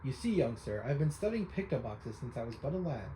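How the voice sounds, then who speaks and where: A man reads as an eccentric old photography devotee from a game, speaking in stiff, courtly phrases and calling his listener young sir. The voice stays mellow and dark. A faint hiss lies behind it. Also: mid-range voice, sing-song, fairly quick, echoey room, lightly acted, poor audio. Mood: earnest. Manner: old-fashioned formal speech, addresses listener as young sir. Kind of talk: reading game dialogue aloud.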